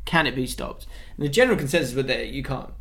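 A man hosting a casual football podcast, telling stories and acting out quotes with lively energy. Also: medium pitch, quick pace, creaky, breathy edge. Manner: animated storyteller, acts out quotes. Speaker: podcast host.

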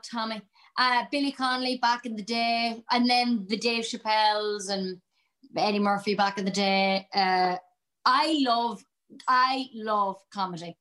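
An Irish actress, interviewed as a guest, chats exuberantly about comedy and tells a long joke in a casual conversation. Her voice is on the high side with a sharp tone, and the audio quality is poor.

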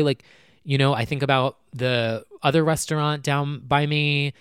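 A young man and YouTube creator venting to the camera about his feelings, rambling and halting, close to tears. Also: on the high side, steady tone, a bit bright, clean tone, no echo. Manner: rambling, halting, full of "like" and restarts. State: close to tears, voice dropping low. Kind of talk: emotional personal vent to camera.

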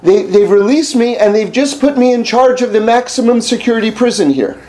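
A blunt male officer fresh from the front, put on by a man telling a story. He speaks in a raised, high and emphatic voice that stays soft and mellow in tone. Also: expressive, brisk. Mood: eager. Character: male officer newly home from war, blunt.

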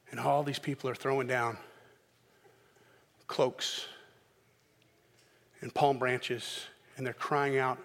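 A man preaching a sermon as pastor in a church sanctuary, animated, with dramatic bursts when he acts out scenes. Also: mid-range voice, in a large hall. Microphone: microphone.

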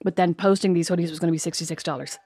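A woman's voice: lowish voice, racing, breathy edge, dry recording, clean studio sound. A woman in her late thirties with an Irish accent, co-hosting a podcast in casual, self-mocking chat. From Ireland. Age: late 30s. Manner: animated, laughing, self-mocking storyteller. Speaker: podcast co-host.

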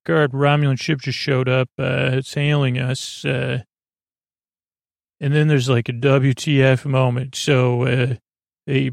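Flat, creaky man rambling a recap. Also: medium pitch, dry recording, clean studio sound. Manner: halting, full of filler words; loose, offhand retelling. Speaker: podcast host. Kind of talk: rambling episode recap for sleep.

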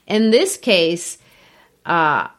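A woman hosting a casual literary talk, explaining background in an animated, teacherly way. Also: lowish voice, very slow.

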